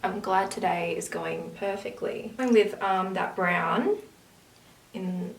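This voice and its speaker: A woman's voice: mid-range voice, slow pace, creaky. A woman chatting casually through a makeup tutorial, rambling into asides as she works. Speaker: makeup vlogger. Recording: roomy, distant camera audio with faint hiss.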